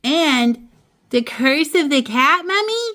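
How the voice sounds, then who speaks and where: A woman's voice: high-pitched, animated, slow, pushed and bright, pitched above the performer's own voice, heavily acted. Woman doing a fussing cat mama. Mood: scolding. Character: fussing cat mother scolding her son.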